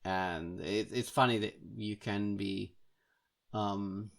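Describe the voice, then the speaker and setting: A man's voice: lowish voice, steady tone, slow pace, creaky, fairly bright tone. A man hosting a podcast in a playful, casual way, sometimes slipping into a sing-song voice. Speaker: podcast host.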